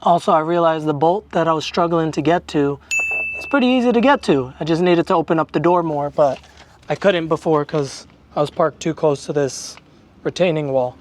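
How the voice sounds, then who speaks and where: A car-build vlogger narrating a rebuild in an upbeat, excitable, jokey way. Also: mid-range voice, normal speed, noisy background. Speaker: channel host.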